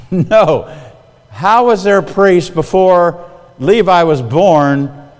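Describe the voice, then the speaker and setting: Male preacher, fairly high voice, lively, talks to the room, long hall reverb. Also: very slow. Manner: animated, talks straight to the audience with questions. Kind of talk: sermon.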